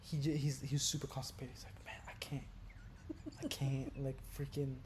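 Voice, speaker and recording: A young man casually telling crude stories on a podcast, sliding from low mumbles into loud, animated outbursts. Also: moderate pace, background noise. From Brazil. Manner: animated, gets loud and laughing when telling wild stories. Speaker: podcast co-host. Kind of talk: casual storytelling chat.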